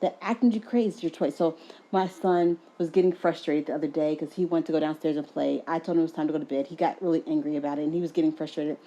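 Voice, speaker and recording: A woman's voice: low-pitched, fairly even intonation, quick pace, warm tone. A woman who is a mother, talking in a conversational podcast interview, earnest and often affirming the other speaker. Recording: dull lo-fi sound.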